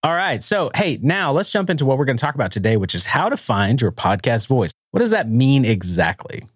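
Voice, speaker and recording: A man's voice: medium pitch, sing-song, a little fast, breathy edge, no room sound. A man hosting a casual podcast chat from a studio, upbeat and jokey. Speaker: podcast host.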